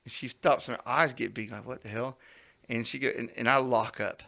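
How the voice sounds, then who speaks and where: A podcast co-host tells stories in a casual chat with a gravelly, mid-range voice and a slightly quick pace. He is animated, acts out quotes and laughs a lot.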